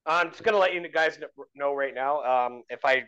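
A man's voice: on the high side, normal speed, pushed and bright, smooth, lo-fi sound. A man joining a podcast by phone, chatting casually with wry, joking remarks.

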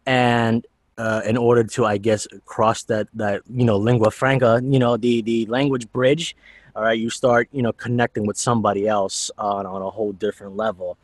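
A man's voice: fairly low pitch, moderate pace, no echo. Chatty male guest, dry sound. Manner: relaxed, filler-heavy storytelling. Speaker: podcast guest, voice actor. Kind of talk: casual interview chat.

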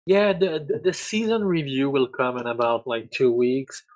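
A man of middle pitch talks in loose podcast chat, tripping over and repeating his words. He often tags his remarks with a questioning "no?". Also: expressive, normal speed, a little mellow, low-quality recording. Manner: stammering, repeats words, ends with tag questions. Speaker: podcast co-host. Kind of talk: casual chat.

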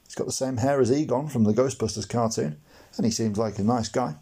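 A man's voice: mid-range voice, a little fast, warm tone, breathy edge. A man reading his own humorous memoir aloud for a blogcast, in a wry, mock-dramatic storytelling manner with comic asides. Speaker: blogcast narrator.

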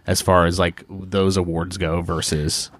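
A man's voice: low-pitched, flat delivery, a little slow. A man co-hosting a casual podcast, chatty and opinionated, with frequent fillers. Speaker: podcast co-host. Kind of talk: casual chat.

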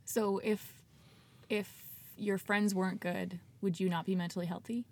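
Podcast host, a woman with a husky voice, gentle and brief. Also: medium pitch, steady tone, normal speed. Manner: gentle, brief prompts and laughter. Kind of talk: casual podcast interview. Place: small closet studio.

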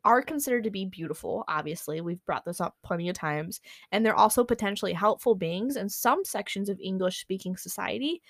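A woman's voice: mid-range voice, dry recording. A woman chatting casually as a podcast co-host, filling her talk with "like" and "um" and laughing often. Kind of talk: casual chat.

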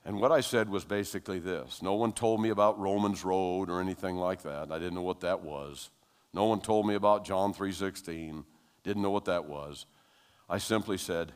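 An older man preaching, telling a personal testimony in a conversational storytelling manner that builds to loud, animated passages. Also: sits low, normal speed, smooth. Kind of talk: sermon storytelling. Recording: long reverb of a large hall.

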